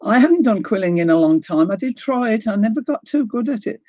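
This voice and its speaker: A woman's voice: on the high side, expressive, fast talker, no echo. Older kiwi lady chatting on her craft stream, says hi to viewers, laughs a lot, dry dull-sounding mic. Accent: New Zealand. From New Zealand. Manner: chatty, greets viewers by name, laughs often. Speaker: craft livestream host. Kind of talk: casual livestream chat.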